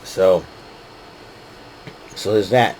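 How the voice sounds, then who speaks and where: A man's voice: sits low, extremely slow, darkish tone, slight background noise, rough recording. A man casually recapping a wrestling show, rambling with lots of fillers and frequent laughs. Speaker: podcast host recapping wrestling.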